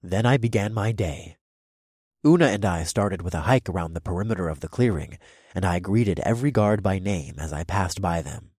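A male narrator tells a first-person fantasy tale in a steady, measured voice. His voice is low and a little husky. The dry, close sound keeps him right at the listener's ear. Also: no room sound. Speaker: audiobook narrator.

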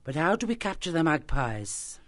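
Firm badger leader, slightly high, dry. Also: male voice, very animated, normal speed, a bit bright, no echo. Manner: firm and commanding. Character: commanding badger, organiser. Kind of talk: full-cast audiobook acting.

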